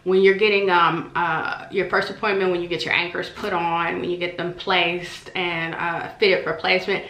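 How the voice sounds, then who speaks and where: A woman chats to camera in a personal vlog, open and emotional, slipping into the voices of the people she quotes. Her voice is bright and forward. The room around her rings with echo. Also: on the low side, level tone, normal speed. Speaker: vlogger. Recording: echoey room.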